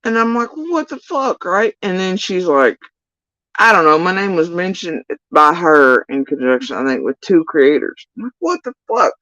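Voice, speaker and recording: Cussing woman ranting on a live stream, sarcastic and fed up, dry flat-sounding mic. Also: lowish voice, normal speed, no echo, dull audio. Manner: profane, sarcastic, exasperated ranting. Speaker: YouTube drama commentator. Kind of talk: casual ranting livestream commentary.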